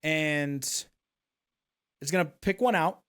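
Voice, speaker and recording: A man's voice: fairly high pitch, takes it slowly, a bit bright, clean tone. A man hosting a casual talk stream, walking his guest through the rules step by step and checking in with "okay?". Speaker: talk show host. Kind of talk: casual chat.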